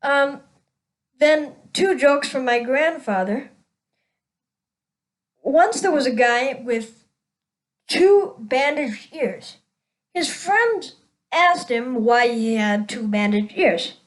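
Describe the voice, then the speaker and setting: Slow high-voiced woman telling jokes. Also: animated, low-quality recording. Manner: laughs at own punchlines. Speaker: show host.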